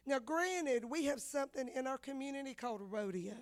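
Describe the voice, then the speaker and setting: A woman, a women's pastor telling a personal testimony in a sermon, animated and acting out the dialogue. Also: sits high, brisk. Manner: animated storyteller, acts out dialogue.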